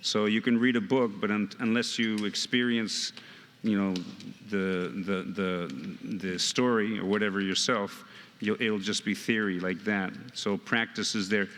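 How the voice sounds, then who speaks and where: Man teaching a music workshop, slow halting delivery, bright voice, long hall reverb. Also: on the low side, steady tone. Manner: slow, halting, repeats words, counts beats aloud. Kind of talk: hands-on music lesson. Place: temple hall. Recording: temple hall reverb, faint noise.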